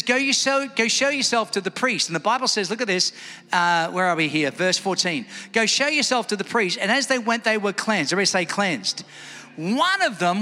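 A man preaching a sermon in a church hall, lively and calling on the congregation to respond. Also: sits high. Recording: echoey hall with faint music.

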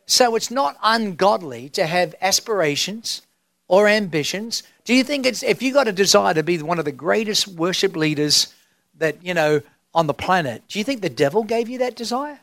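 A man's voice: high-pitched, sing-song, normal speed, creaky, a bit bright, dry recording, studio quality. A middle-aged man preaching a sermon as senior pastor, emphatic and drawn out, asking the crowd rhetorical questions. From Australia.

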